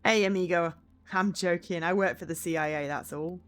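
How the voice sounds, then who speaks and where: A woman's voice: on the low side, moderate pace, fairly bright tone, soft background music, voice pushed down, close to an everyday voice. A woman playing a breezy joking spy. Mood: breezy friendly. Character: charming joking male American spy passenger.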